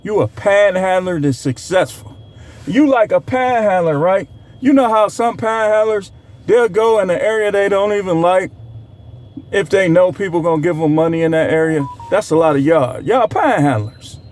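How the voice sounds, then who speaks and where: A man's voice: lively intonation, normal speed, darkish tone, slight background noise. A man delivering a heated, scolding commentary rant, sarcastic and mocking, throwing insults at his audience. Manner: heated, scolding, sarcastic, swings pitch to mock. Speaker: commentary creator. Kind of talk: ranting commentary.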